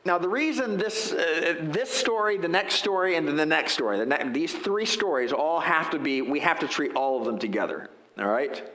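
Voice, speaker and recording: A man's voice: fairly high pitch, lively intonation, moderate pace, hardly any pauses, a bit bright, roomy sound, low-quality recording. A male pastor preaching a sermon in a conversational way, full of rhetorical asides and questions to the congregation. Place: church sanctuary.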